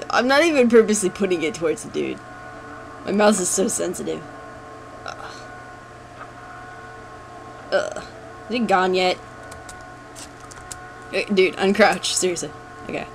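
Jumpy, animated horror-game commentator. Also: medium pitch, unhurried, creaky, long pauses, a little hiss or hum, poor audio. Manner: jumpy, groans and gasps, nervously coaxes the character. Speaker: let's play host.

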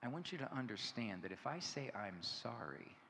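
Man in his fifties, bright lively speaker, storytelling talk in a big echoey hall. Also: medium pitch, moderate pace, creaky. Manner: animated storytelling, acting out dialogue. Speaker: conference speaker. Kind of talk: humorous talk to an audience. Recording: echoey hall with faint noise.

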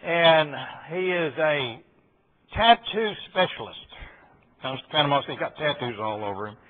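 A man's voice: fairly high pitch, lively intonation, normal speed. A man, a pastor leading a Bible study in a folksy storytelling manner and quoting conversations. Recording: tinny phone-like audio.

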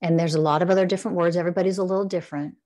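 A woman with a low-pitched voice leads a guided meditation. She speaks in a slow, soothing cadence and keeps repeating gentle affirmations. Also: fairly even intonation. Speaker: guest, spiritual teacher. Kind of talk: guided heart-centered meditation coaching.

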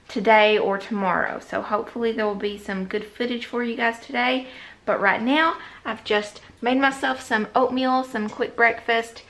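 A young woman chatting casually to the camera in a rambling, relaxed way. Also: mid-range voice. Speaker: vlogger. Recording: dull lo-fi recording with loud background noise.

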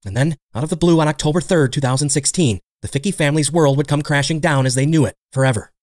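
A man narrates a true crime story from a script, moving at a quick clip with a slightly raised pitch. His voice sits close and dry on the mic, with no room around it. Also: darkish tone, no room sound. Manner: brisk, measured storytelling. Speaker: podcast host and narrator.

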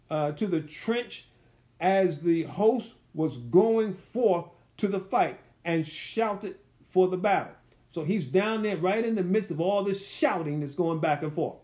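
A man's voice: high-pitched, darkish tone. A man leading a verse-by-verse Bible study, teaching in a loose, conversational way and putting rhetorical questions to his listeners. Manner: loose, colloquial phrasing.

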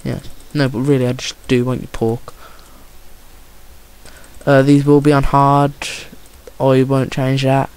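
A young man with a Birmingham accent, giving chatty, excitable and jokey commentary on his own gameplay. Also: mid-range voice, a little slow, long pauses, clean tone. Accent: Birmingham English. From Birmingham, England.

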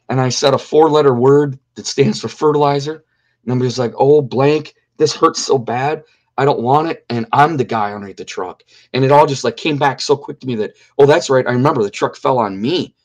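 Middle-aged guy telling his story in an interview, earnest, repeats himself for emphasis, ordinary mid voice. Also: mid-range voice. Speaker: interview guest. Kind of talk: personal testimony in an interview.

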